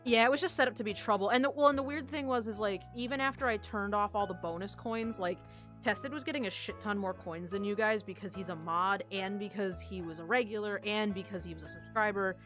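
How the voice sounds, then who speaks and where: A woman's voice: mid-range voice, a little fast, fairly bright tone, soft background music. A young woman livestreaming, chatting casually with viewers in a giggly, rambling, self-deprecating way. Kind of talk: casual stream chat.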